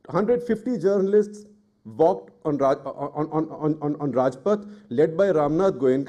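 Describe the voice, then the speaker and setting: A man's voice: on the high side, lively intonation, a little slow. A middle-aged man from India, a journalist speaking on a panel, telling a story and then arguing with rising indignation. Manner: forceful and indignant, rising in anger. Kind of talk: impassioned public talk.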